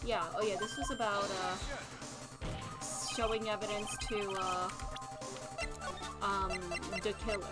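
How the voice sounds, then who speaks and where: A woman's voice: mid-range voice, steady tone, unhurried, long pauses. A young woman streaming a game, chatting casually and thinking aloud. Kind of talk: casual gameplay commentary. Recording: stream with game music behind.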